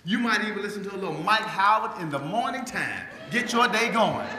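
A man giving a lively motivational speech to a live audience, drawing call-and-response from the crowd and acting out quoted voices. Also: high voice, fairly quick. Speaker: motivational speaker. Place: large hall before an audience. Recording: echoey hall with long reverb.

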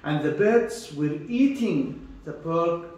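A man reading a children's story aloud, halting and restarting words. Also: fairly high pitch, expressive, darkish tone. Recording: echoey hall from far off, faint noise.

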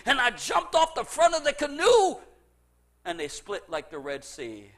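A middle-aged male pastor preaching a sermon emphatically, repeating phrases and swinging from loud to hushed. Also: huge pitch swings, a little slow. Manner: emphatic preaching with sweeping pitch swings, repetition. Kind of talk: evangelical sermon.

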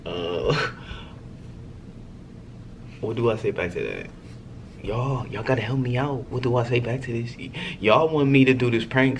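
Talking to camera about a text prank, a young man with a lowish, creaky voice keeps things casual and playful for his viewers, laughing frequently. There's slight background noise.

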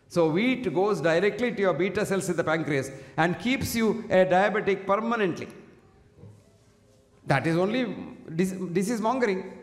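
An older man gives a public health lecture at a single mic. He speaks emphatically, asks the audience rhetorical questions and recites Sanskrit verses. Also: sits high. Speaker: doctor giving a health talk. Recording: echoey hall with long reverb.

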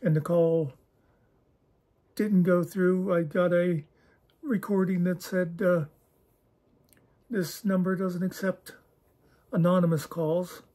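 A man with a mellow, slightly husky voice talks straight to camera as the host of his own channel. He rambles from one thought to the next, wry and self-deprecating, often losing his thread and then picking it back up. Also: high voice, steady tone, slow pace, long pauses. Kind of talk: casual rambling monologue.

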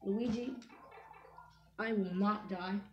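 A woman's voice: medium pitch, steady tone, slow pace, muffled recording, soft background music, natural voice. A woman voicing a boastful young male plumber hero in a fan game voice-over, with a cocky, defiant way of talking. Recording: roomy echoey home recording.

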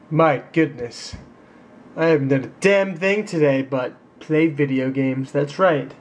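A young man chatting casually in a daily vlog, goofy and excitable, filming himself on a handheld camera as he goes about his day. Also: on the high side, unhurried. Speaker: daily vlogger. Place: on the go, in a car and at work. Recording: noisy background.

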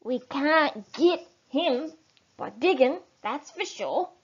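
A woman's voice: sits high, animated, slow, voice pushed up. A woman doing a fat grumbling farmer. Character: fat grumpy male farmer. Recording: dull lo-fi recording.

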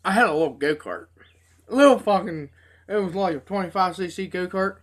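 A woman telling profane, animated stories in a casual review video. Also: fairly low pitch, a little fast. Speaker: tobacco dip reviewer. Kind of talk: casual storytelling.

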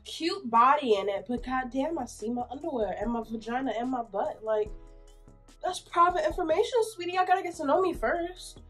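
A woman's voice: sits high, moderate pace, slightly rough, faint music behind, rough recording. A young woman vlogger chatting through a clothing try-on haul, sassy and blunt, hot and a little out of breath. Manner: sassy, blunt and animated, calls viewers sweetie. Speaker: fashion vlogger.

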